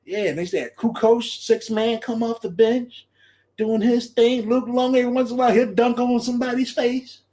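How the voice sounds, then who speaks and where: A man hosting a podcast, chatting casually in an animated way, laughing often and repeating his phrases. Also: extremely high pitch, normal speed. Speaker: podcast host. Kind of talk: casual solo commentary.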